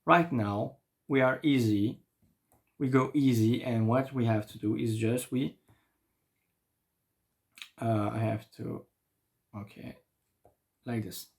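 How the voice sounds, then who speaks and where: A man with a French accent, a native French speaker, teaching a beginner French lesson online and talking patiently while he writes. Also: mid-range voice. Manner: slow, patient, thinking aloud while writing.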